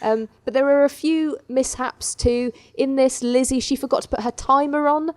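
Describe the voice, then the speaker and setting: A woman's voice: sits high, moderate pace, no room sound. A woman hosting a podcast, chatting casually and telling stories with lots of fillers. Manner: chatty, animated storytelling with many fillers. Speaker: podcast host. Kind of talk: casual chat recapping a baking show.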